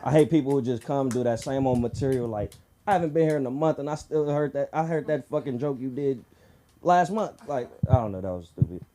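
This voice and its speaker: A man doing a crude stand-up set at an open mic, acting out characters in shrill voices. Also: fairly quick, dark tone. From Southern California. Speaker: stand-up comedian. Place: comedy club stage.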